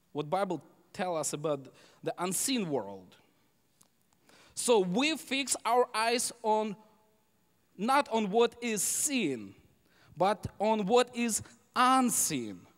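In a big-sounding church sanctuary, a male pastor whose first language is Russian preaches a sermon in non-native English. His high-pitched voice is emphatic, he repeats key phrases, and he often asks the congregation "right?"

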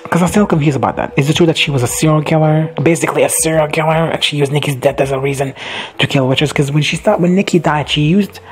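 A man recapping TV episodes in a gushing, excitable way, swearing casually and laughing often. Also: on the high side, fast. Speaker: recap vlogger.

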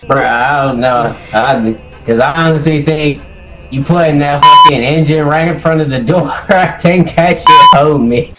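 A man's voice: a little high, unhurried. A man hosting a casual gaming stream, laughing constantly and swearing playfully. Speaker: streamer host. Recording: echoey room, loud game music.

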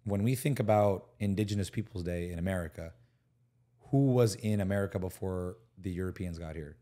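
A man's voice: low-pitched, fairly quick, warm tone. A man from Tunisia, a podcast guest in casual chat, joking and rambling in slang.

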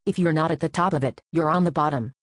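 A woman's voice: deep voice, quick pace, no echo, studio quality. A woman voicing a solemn, mournful male vegetable messiah in a satirical story.

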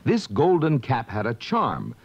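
A man's voice: mid-range voice, huge pitch swings, unhurried, husky. A man narrating a classic children's book on a vintage record, reading with dramatic expression. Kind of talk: scripted storybook narration. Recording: dull lo-fi vintage record with hiss.

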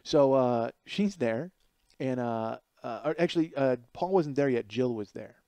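A man in his forties hosting his own podcast, telling a rambling comic story that climbs higher and louder as he gets worked up. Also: animated, a little slow, clear, resonant tone, no room sound. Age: 40s. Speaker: podcast host. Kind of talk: casual comedic monologue.

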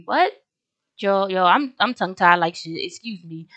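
A woman's voice: mid-range voice, normal speed, sharp tone, no echo. A young woman casually commenting on her game as she plays, chatty and slangy, often talking straight to her viewers. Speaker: gaming video host.

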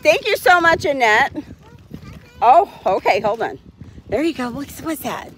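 A woman's voice: high voice, very animated, unhurried, a bit bright, a little hiss or hum. A woman hosting a casual livestream, talking cheerfully to her dogs and laughing often. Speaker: dog owner hosting a livestream.

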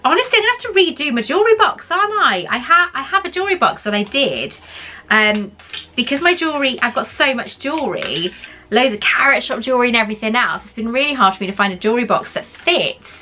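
A woman's voice: a little high, expressive, fast, pushed and bright, slight background noise. A woman vlogger unboxing gifts in casual chat, gushing and emotional, often exclaiming with delight.

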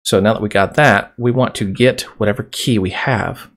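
A man's voice: lowish voice, normal speed, fairly bright tone. A man hosting a programming tutorial, explaining casually and chatting while he types. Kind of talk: screen-recorded coding tutorial. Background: keyboard typing and mouse clicks.

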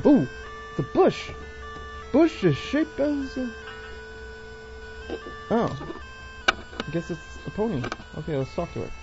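Slow, giggly young woman playing a game. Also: sits low, darkish tone. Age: young adult. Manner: giggly, chatty, reads on-screen text aloud. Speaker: let's play gamer. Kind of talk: casual game commentary. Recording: dull lo-fi recording with faint game music.

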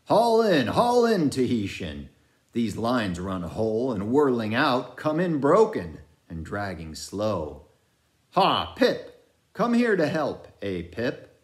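An obsessed old sea captain in an audiobook, declaiming in archaic phrases with a slow, deliberate delivery, as a man acts him out. His low voice rises and falls widely. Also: sing-song. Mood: commanding.

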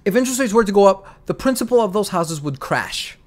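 A man hosting a casual finance podcast, talking in an animated, emphatic way and often repeating his phrases. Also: sits high, brisk. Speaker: show host.

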